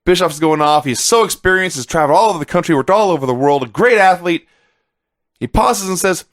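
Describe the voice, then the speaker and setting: Animated man with a lively, higher voice. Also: a little fast. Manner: animated, sarcastic storytelling. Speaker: podcast co-host. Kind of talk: casual wrestling review chat.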